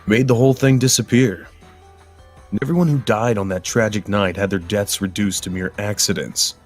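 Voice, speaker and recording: A man's voice: fairly low pitch, steady tone, normal speed, faint music behind. A man reading a horror story aloud in a grim, bitter, world-weary voice, then chatting casually with his co-hosts. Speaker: guest storyteller.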